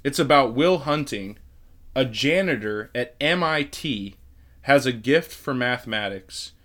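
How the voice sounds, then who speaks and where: Bright-voiced chatty male podcast host. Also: medium pitch, lively intonation, a little slow. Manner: chatty, laughs often, restarts phrases. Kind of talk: casual faith-based movie discussion.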